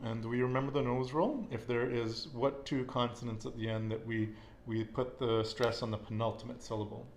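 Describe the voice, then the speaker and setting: This Spanish teacher speaks fairly quickly, his mid-range voice fairly even in intonation. He quizzes a student with patience and repeats what she says back to her encouragingly, in an echoey room with faint noise.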